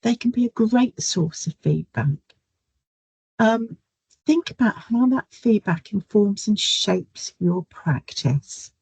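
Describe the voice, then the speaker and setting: Woman, middle-aged, gravelly, husky, chatty storyteller, video call. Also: medium pitch, expressive, slow pace, a little mellow, no room sound, low-quality recording. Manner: chatty, storytelling, frequent "um" fillers. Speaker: guest speaker, nurse educator. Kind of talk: webinar talk with anecdotes.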